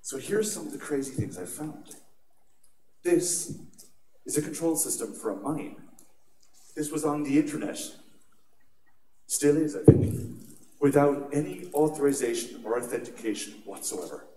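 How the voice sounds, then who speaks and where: A man's voice: a little high, animated, moderate pace, pauses often. Irish guy giving a security talk, storytelling, laughs along, far from the mic with faint background hiss. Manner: chatty storyteller, laughs at his own stories. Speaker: conference speaker on security. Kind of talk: conference talk with personal anecdotes. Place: large atrium at a conference. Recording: echoey hall picked up from a distance.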